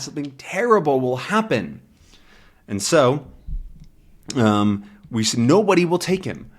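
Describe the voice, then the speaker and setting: A man teaching English to learners, patiently explaining words from a comic. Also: mid-range voice. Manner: patient, repeats words and checks with "right?".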